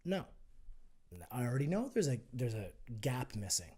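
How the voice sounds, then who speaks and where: A man's voice: mid-range voice, big pitch swings, moderate pace, darkish tone, slightly rough. A man guesting on a podcast, talking persuasively and acting out both sides of an argument in casual conversation. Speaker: guest, health and fitness entrepreneur.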